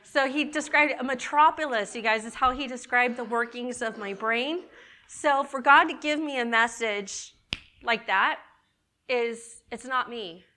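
A middle-aged woman giving an animated, emotional sermon to a group, repeating key words for emphasis. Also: on the high side, unhurried. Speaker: women's ministry speaker.

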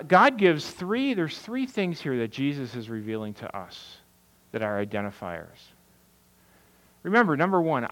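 A man's voice: a little high, fairly bright tone, low-quality recording. A middle-aged man, a pastor, giving a conversational sermon, asking questions and answering them himself. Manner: conversational preaching, asks and answers his own questions.

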